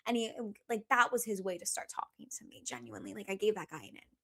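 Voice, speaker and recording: A woman's voice: mid-range voice, fast, creaky, bright, forceful tone. A young woman telling a story in casual chat as a podcast guest, chatty and profane, full of "like" and "okay".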